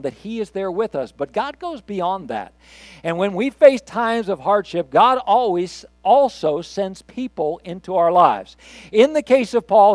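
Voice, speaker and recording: An older man preaching a recorded sermon in a fairly high voice. He talks conversationally, pushing some lines out loud and dropping others to quiet asides. The sound is dry and close, with no room echo. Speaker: pastor.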